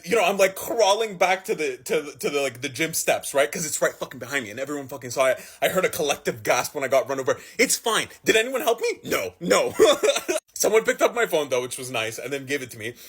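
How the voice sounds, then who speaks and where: Husky, lively young man telling a story. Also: a little high, fairly quick. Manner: animated, dramatic storytelling with frequent laughs and swearing. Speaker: vlogger telling a personal story. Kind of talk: casual storytime.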